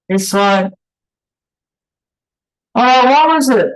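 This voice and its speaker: Slow, blunt, rambling man. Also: medium pitch, lively intonation, low-quality recording. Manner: rambling, goes off on tangents; candid and blunt. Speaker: channel host. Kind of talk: unscripted commentary.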